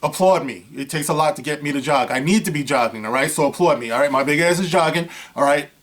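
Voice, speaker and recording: A man gives a casual, seated commentary to his viewers in a voice that sits somewhat high for a man. He talks loosely and conversationally, leans on "you know," and slips into acted-out bits of a scene as he goes. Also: fast, a bit bright. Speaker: vlogger. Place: seated indoors.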